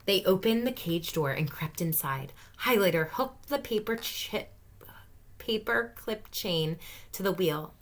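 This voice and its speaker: A woman teacher reading a picture book aloud to children, expressive with gentle asides. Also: medium pitch, measured pace.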